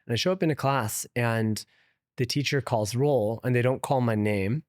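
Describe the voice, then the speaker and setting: This venture investor, guesting on an interview show, speaks at a normal speed with a medium-pitched voice. His storytelling is casual and chatty, packed with "like" fillers and frequent bursts of laughter. The recording is dry and of studio quality.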